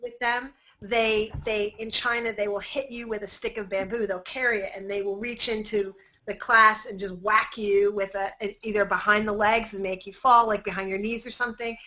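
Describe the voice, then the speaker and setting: A woman telling animated anecdotes in a group call, laughing often, over dull lo-fi audio. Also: mid-range voice, normal speed.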